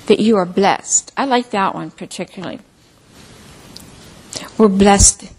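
A woman gives a sermon in a husky, slightly breathy voice. She talks in an earnest, conversational way, as if telling her own story to the congregation. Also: medium pitch, a little slow, pauses often, a little mellow, poor audio. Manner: earnest, conversational testimony with little laughs. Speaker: preacher.

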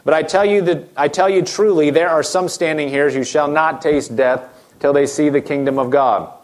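A man's voice: on the high side, fairly even intonation, normal speed. A man preaching a sermon in a direct, conversational way, acting out quoted objections as he goes.

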